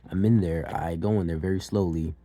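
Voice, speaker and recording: Here a young man's deep, steady voice moves fairly quickly and sounds mellow, with a bit of hiss or hum in the audio. Recounting something from his own life, he keeps it casual and profane, leaning on "like" and "you know" as fillers.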